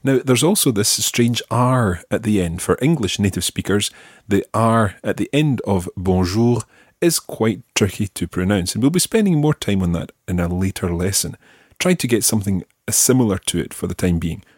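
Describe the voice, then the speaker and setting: Scottish male tutor, husky low voice, patient, dry close sound. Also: lively intonation, no room sound. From Scotland. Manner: clear, patient, repeats words slowly for the learner. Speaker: language teacher. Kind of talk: podcast language lesson.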